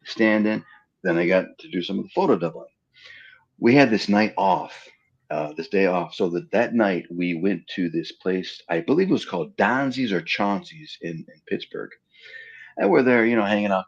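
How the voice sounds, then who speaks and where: A middle-aged man tells behind-the-scenes stories as an interview guest, slipping into the voices of the people in them. His voice sits low with a rough, husky grain. It comes through a muffled, lo-fi remote call. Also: normal speed. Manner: animated storyteller who acts out quoted dialogue. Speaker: interview guest, film stand-in and double. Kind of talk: casual anecdotal storytelling. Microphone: remote live-stream call.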